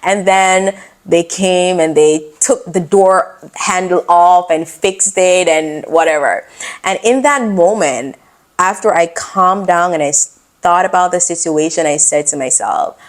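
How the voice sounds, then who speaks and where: A young adult woman vlogger telling a personal story in a casual, expressive, animated way. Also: lowish voice, unhurried.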